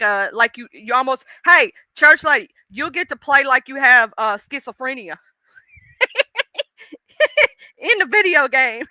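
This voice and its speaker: Bright, animated woman live-streaming. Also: a little high, no room sound. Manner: animated, chatty, drawls and curses casually. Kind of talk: casual live-stream chat.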